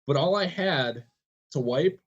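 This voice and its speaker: A man's voice: fairly high pitch, animated, a little slow, slightly rough, lo-fi sound. A man telling a long story on a podcast as a guest, acting out quotes and laughing often. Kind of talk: casual storytelling.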